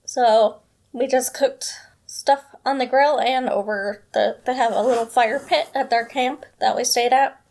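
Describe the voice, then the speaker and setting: A woman's voice: a little high, steady tone, a little slow, creaky, a little mellow. A woman hosting a casual chat podcast, rambling and chatty with many fillers. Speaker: podcast host.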